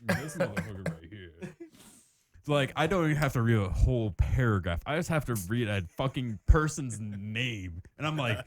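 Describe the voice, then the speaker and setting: Profane podcast guest with lively pitch. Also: male voice, normal speed, few pauses. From Michigan. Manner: profane, laughs through his reading. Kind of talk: casual podcast chat. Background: music.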